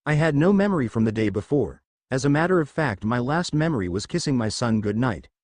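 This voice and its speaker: A mighty demigod husband begs to be believed, read by a man. The delivery is animated and earnest, and the recording is dry and intimate. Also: medium pitch, a little fast, no echo, close to an everyday voice. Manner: pleading earnestly. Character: proud pleading demigod hero husband.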